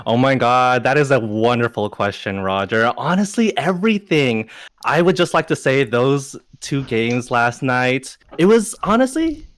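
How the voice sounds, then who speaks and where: A man's voice: medium pitch, measured pace, a bit bright. Goofy, theatrical young male gamer. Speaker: team captain being interviewed. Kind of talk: playful trash-talking interview.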